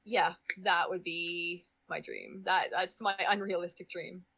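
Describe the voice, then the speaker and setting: A woman's voice: lowish voice, steady tone, a little slow, creaky, fairly bright tone, slightly rough. A woman chatting casually as a podcast guest, rambling with lots of "um" and "like" and swearing freely. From Canada.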